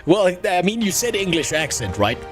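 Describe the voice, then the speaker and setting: A male game streamer chatting casually while he plays. His voice sits fairly high for a man, and he rambles along crudely and jokily, with frequent restarts. Faint music plays behind him. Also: sing-song, moderate pace. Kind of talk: casual gaming stream chat.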